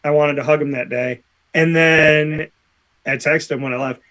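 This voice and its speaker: A male sports radio host with a somewhat high voice, chatting casually with a guest. He tells stories with animation and acts out the people he quotes. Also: steady tone, moderate pace, a bit bright. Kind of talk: casual interview chat.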